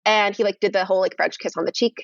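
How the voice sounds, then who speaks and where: A young woman telling a dating story in casual conversation on a video call, animated and full of fillers. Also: mid-range voice, fast talker, dry recording, dull audio. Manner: animated, many fillers and restarts. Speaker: guest.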